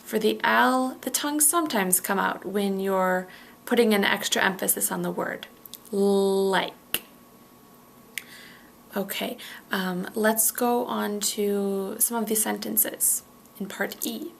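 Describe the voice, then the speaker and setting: A woman leads a pronunciation drill at a very unhurried pace. She says each word slowly and clearly, then says it again. A gravelly edge sits under her mid-range voice. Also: medium pitch, steady tone, slight background noise. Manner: models words carefully, repeating each one. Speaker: pronunciation teacher. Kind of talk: slow, deliberate pronunciation drill.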